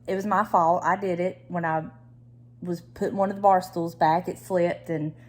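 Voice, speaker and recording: A woman's voice: fairly low pitch, fairly even intonation, moderate pace. A woman with a Southern American accent chatting casually to the camera at home, teasing and laughing often as she talks. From Southern United States. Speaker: lifestyle vlogger.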